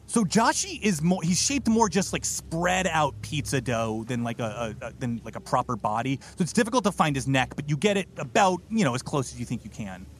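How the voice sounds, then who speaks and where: A man narrating as game master of a comedic tabletop role-playing podcast, lively and playful. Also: fairly quick, hardly any pauses, a little hiss or hum. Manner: animated, jumps into high silly voices for side characters.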